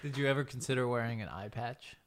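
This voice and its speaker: A man's voice: mid-range voice, no echo. A man interviewing casually, tossing in jokes and wisecracks. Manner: joking, quick with wisecracks.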